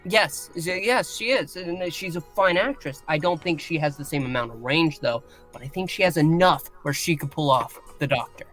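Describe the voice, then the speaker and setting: A man co-hosting a casual podcast chat, weighing his opinions slowly with many fillers and restarts. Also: on the high side, fairly bright tone, soft background music. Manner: measured, hesitant, with many fillers. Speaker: podcast co-host.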